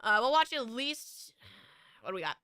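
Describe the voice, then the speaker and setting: A woman streamer with an American West Coast accent chats casually and rambles from thought to thought. Her voice is high and very bright, with a smooth, clean tone. It is recorded close and dry. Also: very animated, normal speed, no echo. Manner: rambling, with frequent fillers and restarts. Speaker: VTuber streamer. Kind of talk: casual chat.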